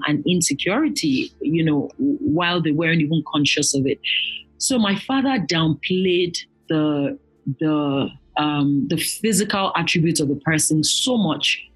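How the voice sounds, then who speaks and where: A woman's voice: low-pitched, husky, low-quality recording. A woman, a guest telling her story earnestly and in detail. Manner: earnest, animated when quoting others. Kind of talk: reflective storytelling.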